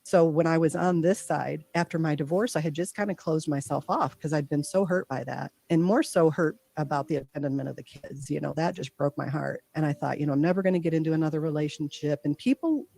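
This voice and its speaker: A woman guest earnestly recounting a deeply personal experience, acting out her own thoughts in quotes. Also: brisk, creaky, few pauses, warm tone. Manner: earnest, heartfelt. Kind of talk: personal storytelling.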